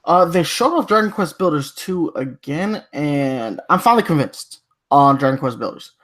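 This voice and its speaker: A man's voice: on the high side, normal speed. A man co-hosting a casual gaming podcast, talking loosely and acting out quotes. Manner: loose and animated, acts out quotes. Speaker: podcast co-host. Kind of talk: casual chat.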